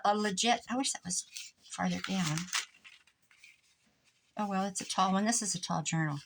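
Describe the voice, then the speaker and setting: Woman, sixties, rambling craft vlog chatter, mid pitch, faint background hiss. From Iowa, USA. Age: 60s. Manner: rambling, animated anecdotes with asides about the craft. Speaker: crafting vlogger. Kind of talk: chatty storytelling while crafting. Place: home craft desk indoors.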